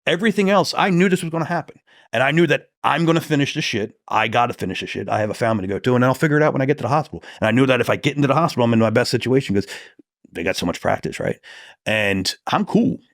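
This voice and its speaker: A man's voice: mid-range voice, expressive, very fast, no room sound, clean studio sound. A man who works as a police detective, telling a story as a podcast guest in a casual, profane way and acting out the lines he quotes.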